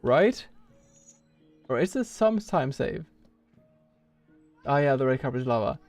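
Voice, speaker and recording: Gravelly man chatting while gaming. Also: mid-range voice, big pitch swings, measured pace, darkish tone, faint music behind. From Norway. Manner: rambling, many "like" fillers, thinks aloud. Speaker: speedrunner streamer. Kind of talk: casual live-stream chat while playing.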